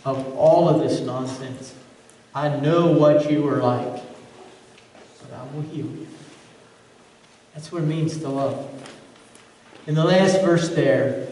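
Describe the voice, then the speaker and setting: Heard from a distance in a roomy church sanctuary, a man preaches as pastor in a mellow voice that sits a little high. He's earnest and often repeats words while building toward a point.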